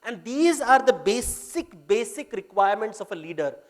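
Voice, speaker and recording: High-voiced Indian man giving a lecture. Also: very animated, normal speed. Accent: Indian English. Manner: mixes Hindi phrases into English, retells myths. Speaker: workshop speaker. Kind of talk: storytelling business lecture.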